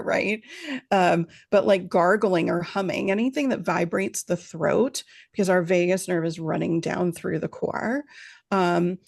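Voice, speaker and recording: A woman answering interview questions as a parenting expert on a video call, explaining calmly and often checking in with a quick "right?". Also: on the low side, creaky. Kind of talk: interview answers at a virtual summit.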